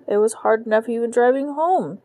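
A woman's voice: on the high side, a little fast, darkish tone, no echo. A woman in her thirties venting in a personal podcast monologue, emotional and close to tears, swearing constantly in frustration, recorded from her bed at home. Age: 30s. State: on the verge of tears. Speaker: podcast host.

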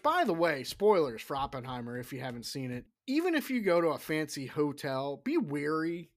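A middle-aged man hosts his horror podcast alone, rambling casually and swearing freely. His voice sits a touch high and carries a gravelly fry. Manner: rambling and profane, with hushed whispered asides. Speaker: podcast host.

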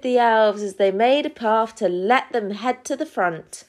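A woman reading a children's Christmas story aloud as narrator, telling it in an expressive way. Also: on the high side, a little slow.

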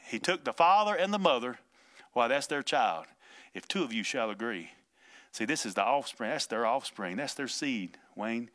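Bright-voiced folksy man preaching. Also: medium pitch, lively intonation, moderate pace. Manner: folksy, vernacular, emphatic, chuckles between points. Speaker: pastor. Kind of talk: informal preaching on a podcast.

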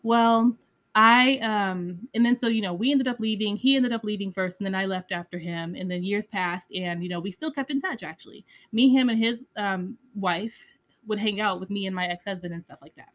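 A woman's voice: medium pitch, moderate pace, fairly bright tone. A woman hosting a podcast, telling a personal story in a candid, casual way, with frequent swearing and lots of "like" and "you know". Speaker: podcast host.

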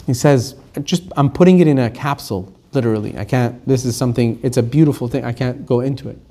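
A man's voice: mid-range voice, quick pace, mellow. Emphatic man giving a Torah lesson. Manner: emphatic storytelling, acts out quotes. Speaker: Torah teacher.

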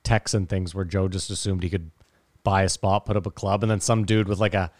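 Low-voiced man, dry close mic. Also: level tone, brisk, no room sound. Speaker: podcast co-host. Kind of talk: casual chat.

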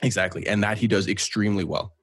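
Man, podcast co-host, casual football talk, husky, dry close sound. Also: on the low side, steady tone, fast, no room sound. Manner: talkative, keeps asking "right?". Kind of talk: casual sports chat.

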